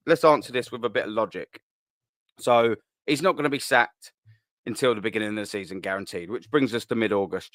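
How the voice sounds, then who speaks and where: A man's voice: mid-range voice, fairly bright tone, no echo, clean studio sound. A young man hosting a live fan show, chatting casually through viewer comments, bantering, repeating himself and laughing often.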